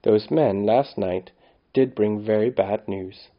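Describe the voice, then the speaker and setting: A man's voice: fairly low pitch, slow pace, dull audio. A man reading a tired, tender mother.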